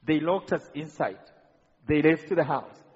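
A man's voice: on the high side, measured pace, a little mellow, slightly rough. A man from Rwanda giving an earnest testimony in a sermon to a congregation, often repeating words as he stumbles. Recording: dull, reverberant hall recording.

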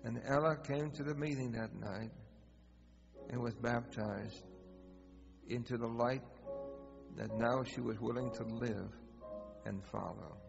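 A man pastor preaching a storytelling sermon, animated and acting out conversations. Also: mid-range voice, a little slow, vocal fry, long pauses. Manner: animated, acts out dialogue. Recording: long hall reverb, dull sound, guitar music behind.

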